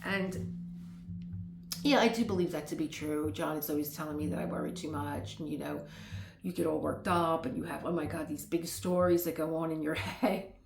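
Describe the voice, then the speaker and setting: A woman's voice: deep voice, fairly even intonation, normal speed, vocal fry, echoey room, faint music behind. A middle-aged woman vlogger talking casually at home, rambling into tangents and laughing often. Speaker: lifestyle vlogger. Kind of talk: casual chat.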